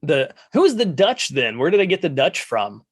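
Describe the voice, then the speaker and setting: A podcast co-host with a fairly high male voice, talking through a film's story in loose, casual chat. He tells it with energy and jumps even higher when he acts out the characters' lines. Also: normal speed, slightly rough. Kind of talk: casual movie recap chat.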